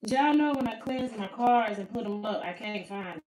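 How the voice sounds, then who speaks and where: A woman's voice: fairly high pitch, animated, moderate pace, a little mellow, slight background noise, rough recording. A woman tarot reader on an emotional live stream, talking to her viewers, repeating herself and close to tears. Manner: spiritual, ends with a prayer.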